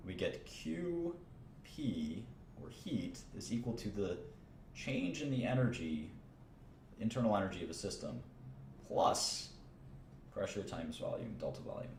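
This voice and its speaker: A man's voice: lowish voice, sing-song, measured pace, pauses often, darkish tone, reverberant, slight background noise. A man teaching a chemistry lesson in an informal way, thinking aloud, repeating phrases and adding casual asides as he works through problems. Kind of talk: informal livestream lecture.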